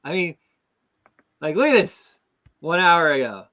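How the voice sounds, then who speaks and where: A man's voice: fairly high pitch, sing-song, measured pace, sharp tone. A middle-aged man from the United States hosting a casual talk show, rambling with many restarts and fillers. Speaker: show host. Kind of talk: casual chat.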